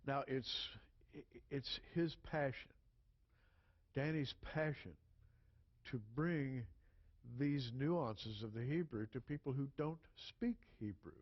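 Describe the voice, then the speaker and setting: A man hosting a TV interview, who calmly asks questions and sums up his guest's points. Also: medium pitch, takes it slowly, muffled recording. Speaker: TV show host.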